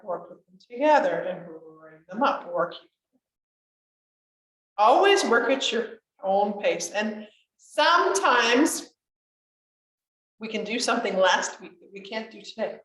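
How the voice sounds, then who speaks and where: Her mid-range voice is a bit bright as she guides a chair yoga class in a community classroom. Encouraging and chatty, she laughs often, and the echoey room leaves her sounding distant from the mic.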